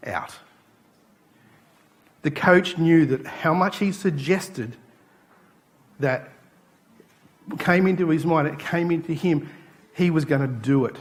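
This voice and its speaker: A pastor preaching in a church, his voice sitting a little high for a man. He tells stories with energy and acts out the voices of the people in them. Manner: animated storytelling, acting out quoted voices. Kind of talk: sermon.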